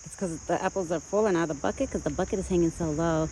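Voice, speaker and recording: A vlogger feeding a deer outdoors, switching between soft, sing-song baby talk to the animal and relaxed, chatty asides to the viewer. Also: mid-range voice, quick pace, slight background noise. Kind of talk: casual vlog narration mixed with talk to an animal. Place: outdoors in a rural yard. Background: crickets and faint outdoor ambience.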